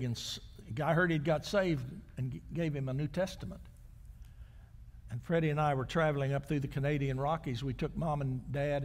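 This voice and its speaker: Older preacher telling stories in a church. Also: male voice, on the high side, in a large hall. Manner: storytelling preacher, swings from loud to hushed. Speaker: pastor. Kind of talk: sermon. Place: church sanctuary.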